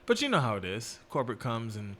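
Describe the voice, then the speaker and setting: A man chatting casually about work, laid-back and quick to laugh, acting out past conversations. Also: mid-range voice, slight background noise. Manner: laid-back, laughs often, animated retellings. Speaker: restaurant worker. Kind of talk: casual chat.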